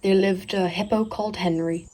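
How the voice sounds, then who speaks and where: Mellow woman reading a children's story. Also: medium pitch, steady tone, normal speed. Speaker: narrator. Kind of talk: storybook narration.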